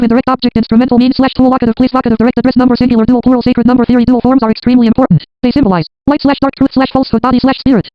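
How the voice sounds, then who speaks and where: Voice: high voice, no echo. A narrator reading notes aloud as scripted narration, with a clipped, list-like delivery in short fragments. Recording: dull lo-fi dry recording.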